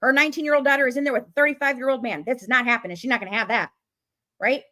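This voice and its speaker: Woman true-crime commentator, high voice, emphatic, angry, swears, repeats herself for effect. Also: steady tone, very fast, pushed and bright. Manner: emphatic, repetitive, swears when worked up. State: openly angry. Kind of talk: casual true-crime rant to viewers.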